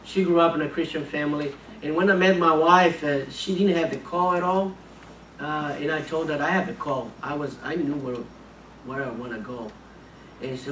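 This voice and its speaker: Earnest preacher in an echoey church. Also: male voice, on the high side, fairly even intonation, moderate pace, background noise. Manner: repeats and restarts words, earnest storytelling. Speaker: missionary preacher. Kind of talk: sermon with a personal story. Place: church sanctuary. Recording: echoey church room, mic at a distance.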